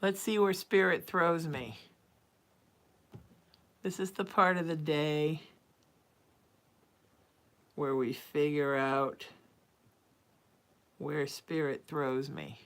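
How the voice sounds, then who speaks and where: A woman's voice: low voice, fairly even intonation, very slow, pauses often. A woman hosting a psychic livestream, chatting casually and reading viewer texts aloud. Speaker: psychic medium livestream host.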